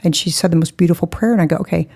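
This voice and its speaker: A woman's voice: on the low side, very fast, warm tone. A woman in her forties, a podcast guest, telling her story bluntly and candidly, mocking herself and laughing often.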